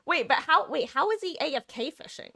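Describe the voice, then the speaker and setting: A woman's voice: high voice, lively intonation, fairly quick, vocal fry, sharp tone, no room sound, clean studio sound. A woman streaming a game live, chatting casually, answering her chat and laughing often. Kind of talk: casual chat while gaming.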